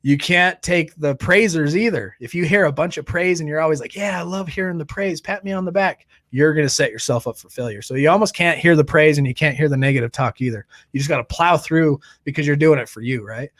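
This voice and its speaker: A man hosting a live recovery stream in a loose, joking, animated way. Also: on the high side, fast talker, few pauses, dry recording, studio quality. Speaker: host. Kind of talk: casual live-stream chat.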